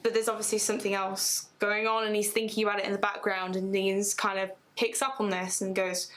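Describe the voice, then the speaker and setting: A woman casually retelling a fan story, chatty and animated, swearing freely as she goes. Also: mid-range voice, fairly quick, hardly any pauses, poor audio.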